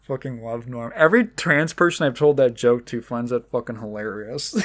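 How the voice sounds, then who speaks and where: A man's voice: mid-range voice, moderate pace, a bit bright. A man hosting a podcast in casual chat, rambling and swearing, laughing often and acting out quoted exchanges. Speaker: podcast host.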